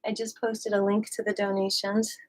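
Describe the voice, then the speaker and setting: A woman leading a live qigong class, gushing and encouraging, swooping high on affectionate words. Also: level tone, moderate pace, low-quality recording. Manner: gushing, sing-song, warmly encouraging. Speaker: qigong and yoga instructor. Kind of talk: live online movement class.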